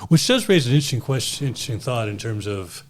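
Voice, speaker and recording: A man hosts a relaxed Bible study conversation. He thinks out loud, slowly feels his way through each question, and hesitates with uhs and ums. His voice has an average male pitch. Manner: thoughtful, hesitant, musing aloud. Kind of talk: casual discussion podcast.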